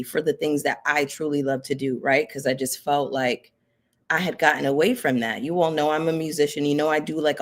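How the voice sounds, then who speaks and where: A young woman who runs a reality TV commentary channel, chatting casually and heartfelt to her audience with lots of filler words. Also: low-pitched. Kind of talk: casual direct-to-camera chat.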